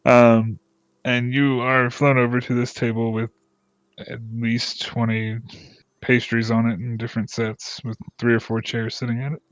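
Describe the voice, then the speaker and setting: A man's voice: mid-range voice, little pitch movement, moderate pace, dry recording. A man narrating a tabletop game as game master in a loose, filler-heavy way. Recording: dull, dry, lo-fi sound.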